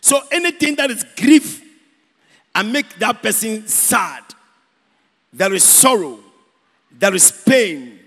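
A Ghanaian man preaching in a church with a high, husky, gravelly voice. He drives points home by repeating words and lifts some phrases into a sing-song. The sound rings with the long reverb of a church hall. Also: big pitch swings, slow, pauses often, a bit bright. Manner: emphatic, repeats key words, sings out phrases. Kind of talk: sermon.

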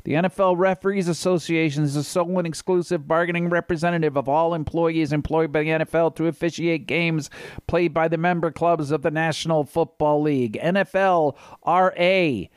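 A man's voice: fairly high pitch, steady tone, fairly quick, clear, resonant tone, no echo, clean studio sound. A man co-hosting a casual sports podcast, rambling and reading stats aloud. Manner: rambling, reads stats aloud, sings little sound effects. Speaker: podcast co-host.

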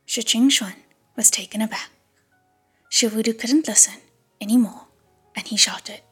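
A woman narrating an audiobook in a hushed whisper. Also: fairly high pitch, a little slow, pauses often, breathy edge, soft background music.

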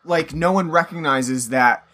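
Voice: mid-range voice, unhurried, sharp tone. A podcast co-host in a casual movie-review chat, giving blunt, critical opinions.

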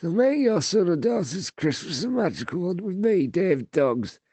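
A man puts on a husky dog seller for a spoof radio ad. The voice is high and swooping, with a dark, gravelly rasp. It sounds dry and close. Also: sing-song, moderate pace, no room sound, exaggerated voice. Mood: hard-selling. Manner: mock salesman pitch. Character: shifty male dog seller in a homemade ad.

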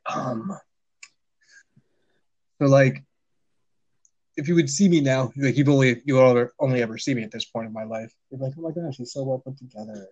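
A man's voice: medium pitch, normal speed, pauses often, darkish tone, no echo. A man in casual podcast talk, rambling loosely with many fillers. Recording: dull, dry call audio.

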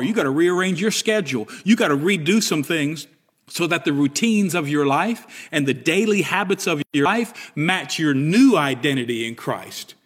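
A man preaching a sermon, emphatic and animated, acting out little inner dialogues as he goes. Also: a little high, slightly rough. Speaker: pastor.

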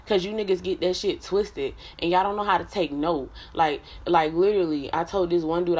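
A woman's voice: lowish voice, moderate pace, few pauses, darkish tone, breathy edge. A woman ranting bluntly and profanely at her viewers, confrontational and fed up. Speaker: app streamer.

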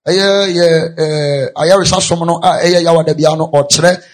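A man interpreting a sermon live, quickly repeating each of the preacher's phrases after him. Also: a little high, steady tone. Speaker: church interpreter.

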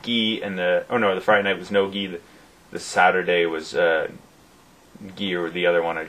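A man's voice: low voice, little pitch movement, moderate pace, a bit bright, low-quality recording. A man casually telling a long, rambling story with lots of fillers, in a chat between friends.

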